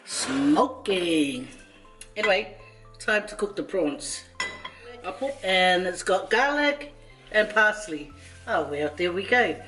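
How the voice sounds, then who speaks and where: Woman, cooking vlog, unhurried speech, playful and chatty, home kitchen. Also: mid-range voice, lively intonation, fairly bright tone. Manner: chatty and playful, jokes and talks to viewers. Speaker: cooking vlogger. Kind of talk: casual cooking vlog chat. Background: faint background music.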